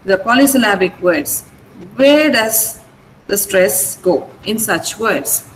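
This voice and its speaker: A woman's voice: medium pitch, expressive, takes it slowly, reverberant, a little hiss or hum, rough recording. A woman with an Indian English accent, an English teacher who explains pronunciation patiently and has students repeat words. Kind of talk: online vocabulary class.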